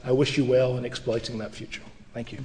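A middle-aged man giving a public lecture as a brisk storyteller with lively asides. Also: mid-range voice, heavy background noise. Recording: reverberant lecture hall.

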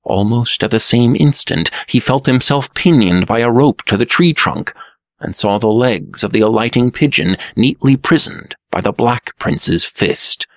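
A man narrating a fairy tale aloud in a lively, expressive reading. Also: medium pitch, unhurried, no room sound, clean studio sound. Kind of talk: storybook narration.

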